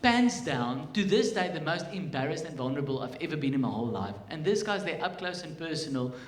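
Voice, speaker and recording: A South African man in his thirties doing a stand-up set on a theatre stage, telling a story with animated swings in volume. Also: a little high, fairly quick. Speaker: stand-up comedian. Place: theatre stage, live audience. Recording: live theatre recording with hiss.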